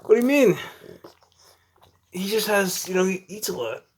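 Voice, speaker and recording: A man's voice: sits high, expressive, moderate pace, a little hiss or hum. A man vlogging at home, cooing at his dog and swearing casually as he talks.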